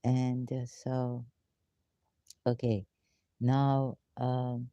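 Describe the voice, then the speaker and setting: A woman runs a casual live Q&A, speaking halting, rambling, broken English full of fillers and occasionally talking to herself. Her voice is extremely low-pitched and dark, with no echo.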